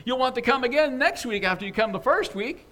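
Overeager church lady, high and insistent, as the preacher puts her on. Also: animated, a little fast, fairly bright tone. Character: pushy excited churchgoing woman.

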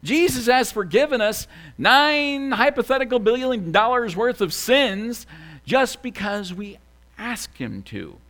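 Animated man preaching a sermon. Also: extremely high pitch, measured pace. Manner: animated, swings from loud excitement to quiet asides. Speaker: pastor.

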